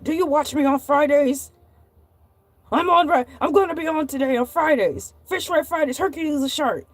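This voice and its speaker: A woman doing a fussy cartoonish shark host with a high, bright voice, rambling on and repeating himself in indignant bursts. The sound is dry and close, with no room around it. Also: normal speed, no room sound, close to an everyday voice. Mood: indignant pleading. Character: Hercules, chatty male shark show host. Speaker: livestream host. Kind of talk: comedic live-stream character monologue.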